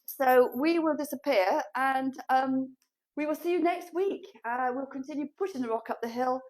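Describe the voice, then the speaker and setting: A woman's voice: sits high, normal speed, darkish tone, rough recording. A woman running a shop, chatting and rambling on a live stream as she walks through her shop. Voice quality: chatty, rambling, self-deprecating. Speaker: shop owner. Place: furniture shop, indoors.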